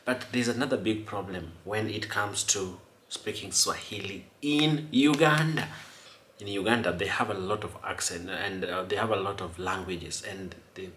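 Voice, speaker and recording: A man's voice: deep voice, steady tone, normal speed, few pauses, sharp tone, a little hiss or hum. Man talking in an echoey room. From Kenya. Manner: rambling, repeats words, asks "you understand?". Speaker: host. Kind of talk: casual commentary.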